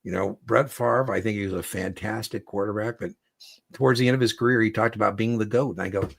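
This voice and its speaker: Low gravelly man chatting. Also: quick pace. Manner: chatty, animated storyteller. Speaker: exam prep coach and host. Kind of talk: casual livestream Q&A.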